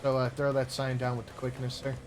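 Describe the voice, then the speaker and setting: A man's voice: mid-range voice, monotone, a little fast. A man playing a game on stream who chats casually and laughs as he talks. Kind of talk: casual gaming chat. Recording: faint music in the background.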